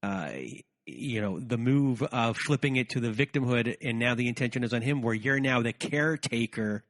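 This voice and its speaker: A man's voice: medium pitch, normal speed, big-room sound. Thoughtful man hosting a podcast. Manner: thoughtful, searching for words with restarts. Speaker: podcast host. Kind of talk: reflective conversation.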